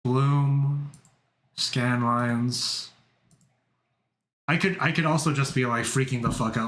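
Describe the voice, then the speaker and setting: A young man streaming as a VTuber, casual and excitable, laughing and repeating himself as he talks. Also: medium pitch, slow, long pauses, echoey room. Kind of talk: casual live-stream chat.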